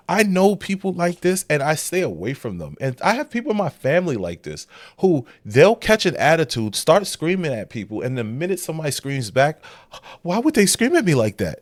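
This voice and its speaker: A man talking through a clip in casual commentary, blunt and incredulous. His voice swings widely between low and high in pitch, and the sound is dry with no room to it. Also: no echo. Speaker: reaction commentator.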